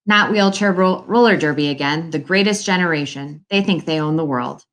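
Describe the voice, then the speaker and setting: A crotchety old man trades dry, grumbling sarcasm with his young visitors, voiced by a woman reading a novel aloud. His complaints stay wry rather than angry, in a voice sitting on the low side. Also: normal speed, close to an everyday voice. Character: cranky witty old man in a nursing home.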